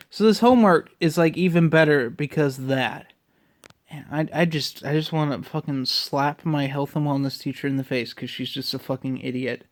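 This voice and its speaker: A man's voice: a little high, normal speed. A man in his twenties ranting casually in a vlog, irritable and full of profanity. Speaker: vlogger.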